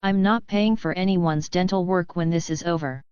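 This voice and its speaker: A woman's voice: lowish voice, moderate pace, a little mellow, smooth, dry recording, lo-fi sound, natural voice. Woman reading as a cocky wizard boy.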